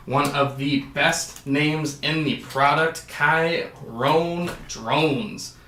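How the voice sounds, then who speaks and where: Guy calling out cards in a break, bright voice, slow and easy, echoey room. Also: fairly high pitch, flat delivery. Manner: announces each card, adds jokey asides. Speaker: card break host. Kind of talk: casual card-opening commentary.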